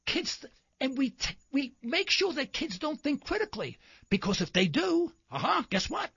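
Man, talk show host, impassioned rhetorical monologue, sharp tense tone, dry close sound. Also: extremely high pitch, very animated, moderate pace, gravelly, no echo, muffled recording. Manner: impassioned, rhetorical, builds to indignant emphasis. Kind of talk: political commentary monologue.

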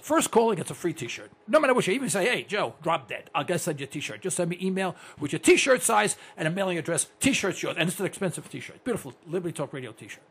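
An older man hosting a talk radio show, ranting in a blunt, excitable monologue. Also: high voice, husky. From United States.

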